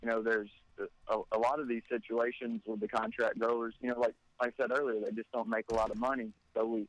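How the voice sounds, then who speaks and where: A man's voice: medium pitch, level tone, fast, no room sound, poor audio. A man from North Carolina talks in a casual podcast conversation and often trips over and repeats his words while he thinks. His voice sits in an average register, and he sounds close and dry, with no room around him.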